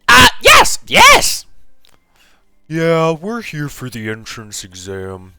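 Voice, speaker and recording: A man voicing a loud, excitable two-headed bird creature in a tabletop game, talking in a shrill squawking voice. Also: takes it slowly, clean tone, no echo, studio quality, faint music behind, exaggerated voice. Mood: excited.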